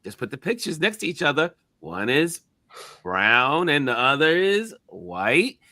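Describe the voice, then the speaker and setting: Animated man hosting a talk show. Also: on the high side, a little slow, no room sound, studio quality. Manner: animated, emphatic, acts out quotes. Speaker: host. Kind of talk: casual talk show discussion.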